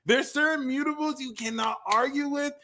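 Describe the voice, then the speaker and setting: A man hosting a casual astrology and tarot livestream, talking in an animated, profane, jokey way. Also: very high-pitched, normal speed, slight background noise.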